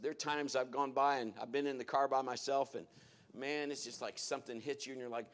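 A man's voice: mid-range voice, fast, a bit bright. A man preaching a sermon to his congregation in a church, telling folksy stories as he goes. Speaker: pastor.

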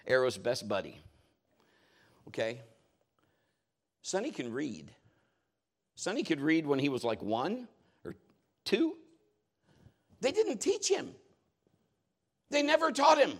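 A middle-aged man preaching a sermon as a pastor, telling stories in an animated way with big swings in his voice. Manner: animated storytelling with lively swings in pitch.

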